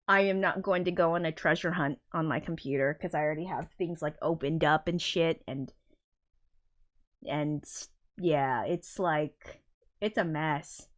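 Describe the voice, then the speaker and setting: A woman's voice: sits low, measured pace, a bit bright. A woman hosting a casual livestream, rambling, self-mocking and swearing constantly. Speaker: livestream host.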